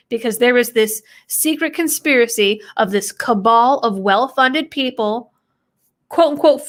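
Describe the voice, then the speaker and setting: A woman's voice: fairly high pitch, fairly bright tone. A young woman reading out a news article and picking it apart with sarcastic, skeptical commentary. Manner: sarcastic, quotes text then mocks it. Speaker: political commentator.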